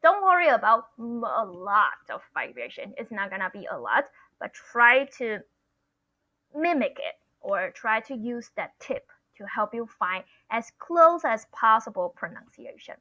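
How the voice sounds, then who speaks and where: A woman's voice: fairly high pitch, sing-song, unhurried, bright, forceful tone, dry recording. A woman teaching pronunciation online, explaining patiently and repeating sounds for learners to copy, saying "okay" often. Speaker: Mandarin teacher. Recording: dull lo-fi sound.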